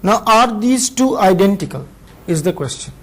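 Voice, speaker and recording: A man with an Indian English accent giving a measured university lecture, explaining step by step with pauses between phrases. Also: high voice, sing-song, rough recording. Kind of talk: recorded classroom lecture.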